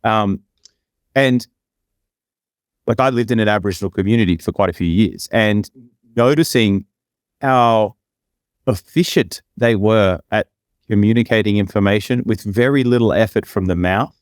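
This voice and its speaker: A man's voice: on the low side, normal speed, pauses often, no room sound, studio quality. A man with an Australian accent, chatting casually as a podcast co-host in a laid-back, musing way.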